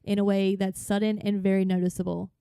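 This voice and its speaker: A woman's voice: medium pitch, little pitch movement, fast talker, creaky, dark tone, clear, resonant tone, dry recording, studio quality. A woman in her thirties with a light North Carolina accent, co-hosting a podcast in casual chat, rambling and laughing often. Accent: North Carolina Southern. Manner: giggly, rambling storyteller. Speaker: podcast co-host.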